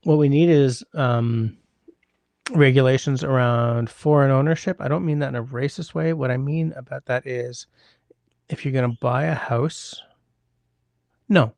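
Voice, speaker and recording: Chatty man with a gravelly voice. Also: medium pitch, steady tone, moderate pace, a little mellow, no echo. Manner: chatty, rambling, wry asides to chat. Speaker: livestream host reading chat. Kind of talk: casual livestream chat.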